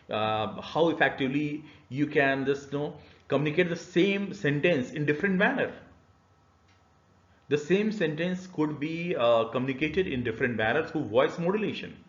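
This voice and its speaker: Man, e-learning lecture, halting delivery full of fillers, echoey room, a bit muffled. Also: mid-range voice. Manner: hesitant, many "uh" fillers, explanatory. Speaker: university lecturer. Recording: roomy, slightly dull lecture recording.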